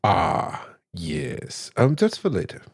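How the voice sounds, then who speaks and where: A man's voice: on the high side, sing-song, slow pace, vocal fry, breathy edge, no room sound, clean studio sound, full character voice. A man playing a smug, bossy male demon who owns and produces a comedy podcast.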